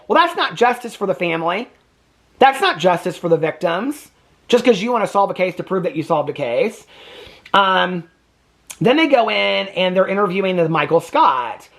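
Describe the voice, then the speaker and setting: A man's voice: high-pitched, moderate pace. A man hosting a casual reaction commentary on a true crime documentary, talking in an indignant, emphatic way. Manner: animated, indignant.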